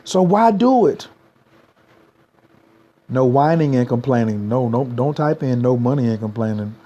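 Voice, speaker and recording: A man's voice: medium pitch, animated, measured pace, dark tone, highs cut off. A man, giving a motivational livestream talk as a spiritual coach, repeating slogans and urging viewers to type them.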